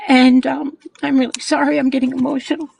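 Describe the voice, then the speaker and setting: A woman in her sixties calling in to a show, speaking earnestly and haltingly, with frequent restarts. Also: high-pitched, little pitch movement, vocal fry, a little mellow, slight background noise, rough recording. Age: 60s. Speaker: caller. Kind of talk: call-in chat.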